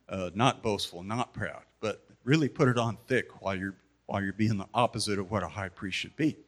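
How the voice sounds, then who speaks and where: A man giving a memorial tribute to a gathering, telling stories about the one remembered with pauses and restarts. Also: fairly low pitch. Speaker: community member giving a tribute.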